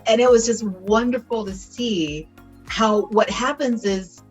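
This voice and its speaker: A woman's voice: on the high side, a little slow, faint music behind. A woman hosting an interview over a video call, encouraging and reflective, with frequent short affirmations. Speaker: interview host. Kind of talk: supportive interview chat.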